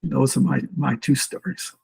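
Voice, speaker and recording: A man with a gravelly, rough-edged voice and a very husky tone. He speaks as a podcast guest in casual conversation. He tells reflective stories earnestly. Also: medium pitch, normal speed, a little mellow, poor audio.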